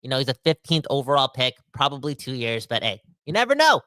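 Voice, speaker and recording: A young man hosting a casual podcast, rambling and animated, swinging between fired-up outbursts and quieter asides. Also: mid-range voice, fast talker, clear, resonant tone, no echo. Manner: rambling with frequent restarts and self-corrections. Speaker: podcast host. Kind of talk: casual ranting podcast talk.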